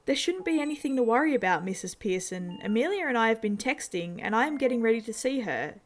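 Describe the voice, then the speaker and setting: Woman reading a young man, uneasy, hurried and reassuring, horror story reading. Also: a little high, lively intonation, soft background music, natural voice.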